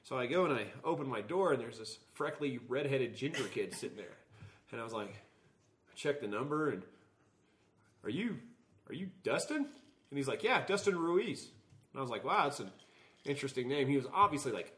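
This is a man in the middle of a loose podcast chat who swears freely and tells stories with lots of energy. His voice sits at an everyday pitch, and he keeps breaking into laughter between lines. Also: a little fast. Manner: profane, animated storytelling with frequent laughs. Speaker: podcast co-host. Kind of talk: casual chat.

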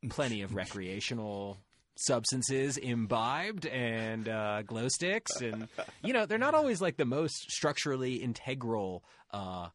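A man from Ohio talks with a lively, bouncing pitch, playful and rambling. He sounds like a podcast co-host in easy conversation. The recording is dry and close. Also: a little slow, no echo. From Ohio, USA. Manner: chatty, playful, wandering with fillers. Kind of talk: casual chat.

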